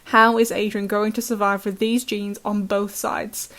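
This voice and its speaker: A woman's voice: medium pitch, level tone, unhurried, a bit bright. A British woman recapping a cartoon episode in chatty, sarcastic commentary, laughing often. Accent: British English. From Britain.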